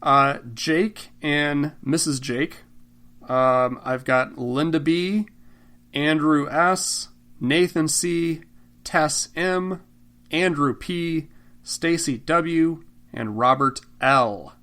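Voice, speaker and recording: A man's voice: fairly high pitch, a bit bright. A man co-hosting a casual podcast, reading out names and joking about being disorganized. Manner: self-deprecating, quick banter. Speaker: podcast co-host.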